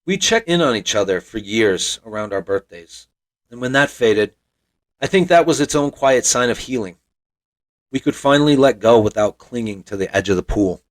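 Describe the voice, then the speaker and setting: A man's voice: medium pitch, animated, normal speed. A man in his forties from Montana, telling a personal story as a podcast host in a reflective, wry, self-deprecating way.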